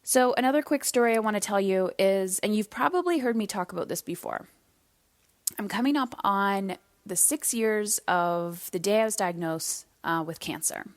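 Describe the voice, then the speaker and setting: A woman hosting her own podcast, telling personal stories in a candid, conversational way and slowing down to stress key points. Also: mid-range voice, dry recording. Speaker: podcast host. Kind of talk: solo podcast monologue.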